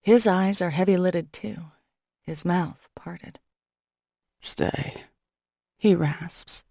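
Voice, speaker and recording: Gravelly woman reading a romance novel. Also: fairly low pitch, dark tone, no room sound, studio quality. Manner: intimate, measured storytelling. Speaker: audiobook narrator. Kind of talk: scripted first-person novel narration.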